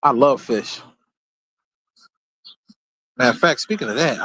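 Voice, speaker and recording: A man's voice: mid-range voice, expressive, a little slow, pauses often, bright, forceful tone, husky, no echo. A man hosting his own show, telling loose, rambling stories in a casual, profane, laid-back way. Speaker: show host. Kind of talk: casual storytelling monologue.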